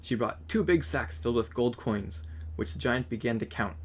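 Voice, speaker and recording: A man reading a children's picture book aloud in a steady, gentle storytelling manner. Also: mid-range voice, normal speed, breathy edge.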